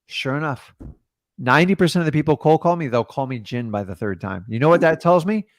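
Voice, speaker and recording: Blunt, animated man coaching on cold calls. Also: on the high side, no echo, studio quality. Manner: animated, blunt, acts out phone calls in quick voices. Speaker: real estate investor coaching a caller. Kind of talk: casual coaching talk.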